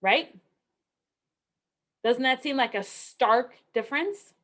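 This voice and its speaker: Her voice sits a little high and has a fairly bright tone. This statistics instructor moves slowly and expressively through a recorded lecture, chatting with rhetorical questions and frequent "okay"s and "right"s.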